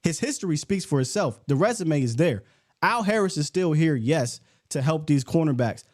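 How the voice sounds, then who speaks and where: A man talking football with a co-host, swinging his voice up and down as he argues. He gets fired up and loud when he makes a point. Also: a little high, normal speed. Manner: animated, gets worked up and loud. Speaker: sports podcast host. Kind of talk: casual sports debate.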